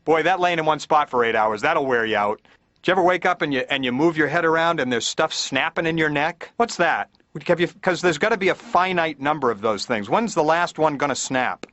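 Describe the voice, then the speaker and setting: Rambles through a self-mocking stand-up bit as a cartoon patient, his voice sitting fairly high. The sound is dry and a little dull, like a TV cartoon track. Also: fairly bright tone, dry recording. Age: middle-aged. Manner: rambling, self-deprecating, slips into silly voices. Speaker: comedian as therapy patient. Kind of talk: stand-up routine.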